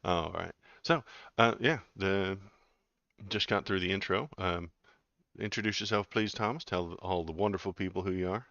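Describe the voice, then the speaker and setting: A man's voice: low-pitched, moderate pace, vocal fry, a bit bright, no echo, dull audio. A man hosting a casual political livestream, joking and rambling. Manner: joking, rambling, self-mocking. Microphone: webcam setup.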